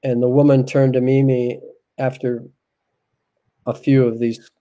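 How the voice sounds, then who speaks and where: A man as an interview guest, telling a heartfelt personal story in a soft, reflective, unhurried way. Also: mid-range voice, little pitch movement, rough recording.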